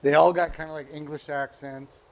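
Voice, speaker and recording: A man's voice: fairly high pitch, flat delivery, normal speed. A man telling a long, rambling golf anecdote in casual chat, acting out the people he quotes. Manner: rambling storyteller, acts out quoted voices. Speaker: guest golfer.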